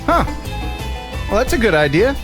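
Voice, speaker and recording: Playful male co-host, lively sing-song delivery, faint music behind. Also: normal speed. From USA. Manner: playful joking, animated pitch swings. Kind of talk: casual live-stream chat.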